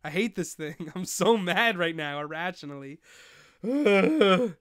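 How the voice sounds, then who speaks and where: Young man, show host, casual live chat, excitable, swearing, crisp tone. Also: sits high, slow pace, dry recording, studio quality. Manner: excitable, swears, rants in frustration. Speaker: fantasy football show host. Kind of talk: live-streamed casual commentary.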